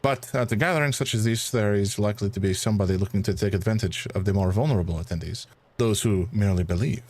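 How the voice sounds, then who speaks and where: A man with a lowish, darkish voice plays a suave, courteous French male academic who exposes fraud, using a put-on French accent. His mood and manner are measured, courteous, and slightly haughty.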